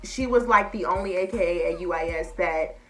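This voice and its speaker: A woman's voice: on the low side, a little fast, faint music behind. Chatty young woman vlogger, emotional. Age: young adult. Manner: chatty, emotional, addresses viewers as y'all. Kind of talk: casual chat to camera.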